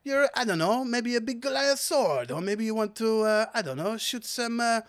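A man voicing a mustachioed male kiosk merchant with a fake French accent, flattering and salesy. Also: very high-pitched, normal speed, dry recording, clean studio sound, pitched above the performer's own voice.

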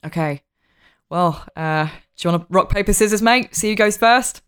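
A woman's voice: mid-range voice, moderate pace, a bit bright, clear, resonant tone. A woman playing a tabletop role-playing game, chatting casually and laughing often. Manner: giggly, playful, dips into character quotes. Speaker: player. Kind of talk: tabletop role-play chat.

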